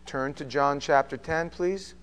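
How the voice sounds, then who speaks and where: Animated man preaching a sermon. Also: on the high side, a little slow, smooth. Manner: animated, acts out quotes with sudden loud bursts. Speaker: pastor.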